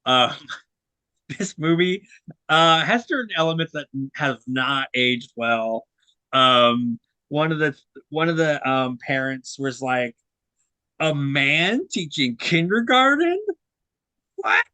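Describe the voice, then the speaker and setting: A young man co-hosts a casual film podcast with a bright, forward voice. He rambles loosely and fills his thoughts with ums and restarts. The sound is dry and close. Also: mid-range voice, slow, clean tone, dry recording. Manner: rambling, many fillers and restarts. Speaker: co-host reviewing film releases.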